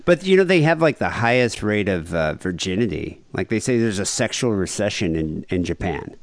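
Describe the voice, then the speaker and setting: A man hosting a podcast, chatting casually and telling gossip in an animated way. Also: lowish voice, moderate pace, dry recording. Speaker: podcast host.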